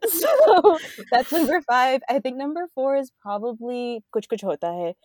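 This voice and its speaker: Chatty young woman, slightly high voice. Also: big pitch swings, normal speed, darkish tone, no room sound. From United States. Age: 20s. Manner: chatty, laughs often, lots of "like" fillers. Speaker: podcast guest. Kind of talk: casual chat.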